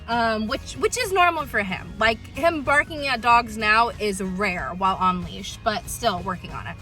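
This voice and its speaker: Woman, dog trainer, casual vlog, rambling storyteller, bright tone, faint background music. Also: mid-range voice, moderate pace. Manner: chatty, animated retelling with many ums.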